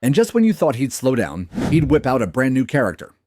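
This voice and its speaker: Man, scripted narration, lively pitch, dry close sound. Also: a little fast, no room sound.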